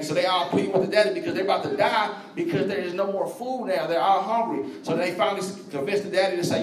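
A man's voice: sits high, fast, few pauses. A man preaching a sermon in slangy, conversational speech, talking straight to his congregation. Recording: echoey room, voice from far off.

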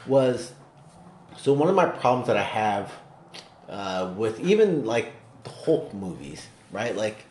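Man, low voice, lively swings; loose profane film talk; echoey room, faint hiss. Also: takes it slowly. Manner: animated, profane, rambling. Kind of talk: casual movie chat.

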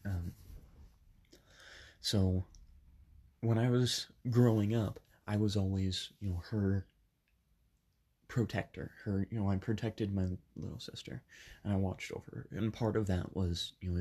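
Low husky-voiced young man, a bit sick. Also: fairly even intonation, moderate pace, long pauses, dark tone. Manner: rambling, many ums and self-corrections. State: slightly sick. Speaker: podcast host. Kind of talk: casual personal storytelling. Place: bedroom padded with soft things.

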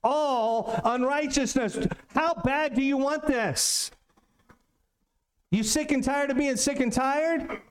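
A male pastor preaches to a small-town congregation in a loose, joking way, often asking rhetorical questions. His voice is very high for a man. He takes his time, speaking at a slow, easy pace. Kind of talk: sermon.

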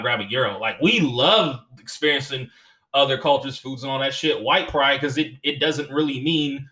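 A comedian and podcast host telling stories in a casual, profane, animated way and laughing as he goes. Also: mid-range voice. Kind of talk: casual storytelling chat.

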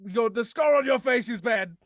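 A man voicing a cocky, insulting young male adventurer in a tabletop game, with a taunting, halting delivery. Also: extremely high pitch, no room sound, studio quality, voice pushed up.

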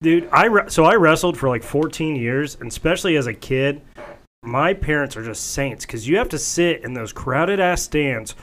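A man's voice: on the high side, lively intonation, moderate pace, fairly bright tone, a little hiss or hum. A man co-hosting a casual studio podcast, easygoing and joking as he chats. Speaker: podcast co-host.

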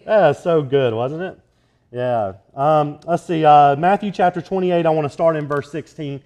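A man pastor preaching a relaxed, joking sermon in a church sanctuary, telling stories between scripture readings. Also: on the high side, moderate pace. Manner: casual, conversational, joking storyteller.

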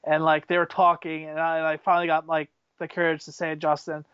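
Male co-host, fairly high smooth voice, excitable rambling storyteller. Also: fast, dry recording, muffled recording. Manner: rambling, excitable, many fillers and restarts. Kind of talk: casual storytelling chat.

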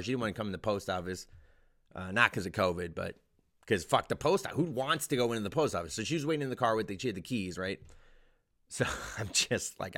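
A young male comedian ranting in a casual vlog, swearing often and jumping to loud, high peaks. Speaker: stand-up comedian.

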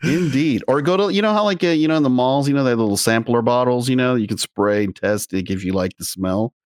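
A man co-hosting a casual podcast, chiming in with quick agreement and playful riffs. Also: medium pitch, no echo, studio quality. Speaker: podcast co-host.

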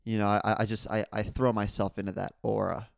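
Crude, rambling young man with a smooth voice. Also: fairly quick, dry recording, studio quality. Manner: crude, rambling storytelling with lots of swearing; animated when worked up, voice jumps higher and louder. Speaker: podcast host. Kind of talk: casual solo podcast monologue.

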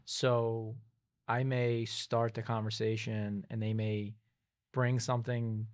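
Low-voiced man, thoughtful interview guest. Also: flat delivery, slow pace. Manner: thoughtful, hesitant, conversational. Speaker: business owner guest. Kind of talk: casual interview chat.

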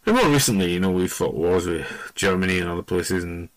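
A man's voice: deep voice, animated, brisk, no room sound, poor audio. A middle-aged man from Scotland, a podcast host telling stories in a rambling, digressive way that keeps losing the thread. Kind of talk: casual spoken storytelling.

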